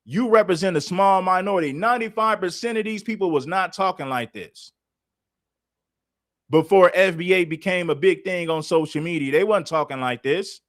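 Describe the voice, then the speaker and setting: A man's voice: high voice, moderate pace, dry recording, clean studio sound. A man hosting a livestream, arguing in a confrontational, repetitive way. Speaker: livestream host. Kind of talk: heated livestream commentary.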